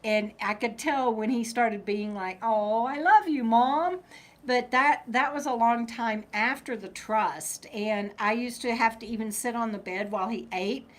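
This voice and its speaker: A middle-aged woman with a somewhat high voice talks casually on a live stream. She rambles through her thoughts with many restarts and often turns aside to speak softly to her dog. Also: normal speed, few pauses. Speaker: vlogger reading live chat.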